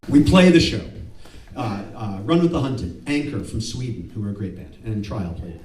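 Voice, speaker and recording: On a club stage before an audience, an American man performs a spoken word story, mocking himself and acting out the dialogue. His medium-pitched, slightly mellow voice swings widely in pitch at a normal speed, captured from a distance with roomy live club sound.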